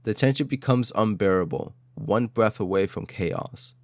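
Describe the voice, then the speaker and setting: A man's voice: lowish voice, expressive, normal speed, dry recording, clean studio sound. A man narrating an audio story in a dramatic style, with short, clipped phrases.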